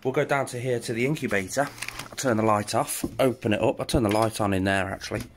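A man's voice: fairly low pitch, fast talker, background noise. A British man, a reptile keeper and channel host, chatting casually as he walks through his reptile room at night and talks to his animals. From England. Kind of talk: casual walk-through narration.

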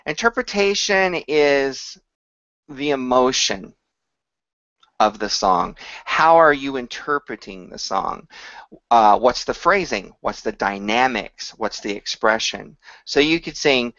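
A male voice coach talking to camera at an unhurried, deliberate pace. His voice is mid-pitched and close and dry, with no room around it. The recording is dull and a little lo-fi. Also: fairly bright tone, no echo. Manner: explains slowly, sings short examples to demonstrate. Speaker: voice teacher. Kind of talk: instructional talk to camera.

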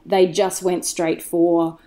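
Mellow-voiced woman chatting enthusiastically. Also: lowish voice, little pitch movement, slow pace. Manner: enthusiastic, digressive storyteller. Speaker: podcast guest. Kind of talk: casual chat.

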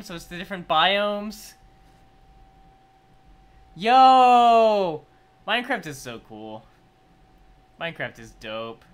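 A young man live-streaming his reaction, chatting casually to viewers and swinging from low mumbling to loud excited yelling.

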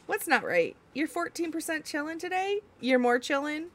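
A woman's voice: sits high, fairly bright tone. A young woman streamer, reading chat aloud and giggling in casual talk.

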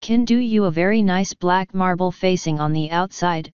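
A woman voicing an eager, pushy male pyramid salesman with fast-talking sales patter. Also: lowish voice, a little mellow, clean tone, no room sound, highs cut off, close to an everyday voice. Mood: salesy.

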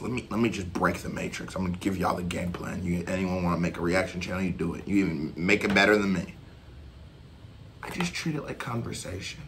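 A man hosting a reaction channel, giving casual commentary that swings from excited shouts and laughter to fast, loose explaining. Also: on the low side, slight background noise.

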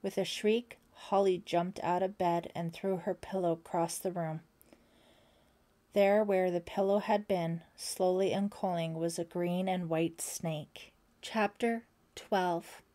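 Audiobook narrator, female, lowish mellow voice, whispers tense passages. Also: steady tone, slow. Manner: voices characters, drops to a whisper for tense moments. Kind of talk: scripted narration.

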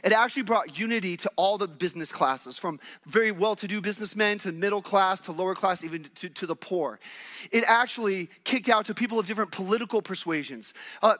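Energetic male pastor, high bright voice, conversational sermon with call-and-response. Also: a little fast. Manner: exclamations and laughs mid-sermon.

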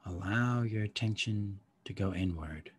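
A man leading a guided somatic meditation, giving slow, calm, soft-spoken instructions with long pauses. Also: low voice, slightly rough.

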